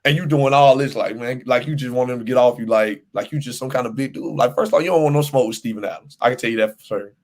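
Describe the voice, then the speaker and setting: A man co-hosting a sports podcast rants with real heat. He repeats his points and laughs between lines. His voice sits at an everyday middle pitch. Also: quick pace, few pauses. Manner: animated ranting, repeats himself, laughs often. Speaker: podcast co-host. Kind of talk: casual sports chat.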